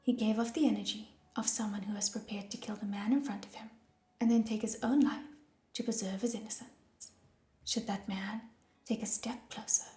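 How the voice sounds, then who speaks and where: A woman narrating an audiobook in a soft, hushed, often whispery voice. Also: medium pitch, steady tone, moderate pace. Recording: roomy echo with soft music.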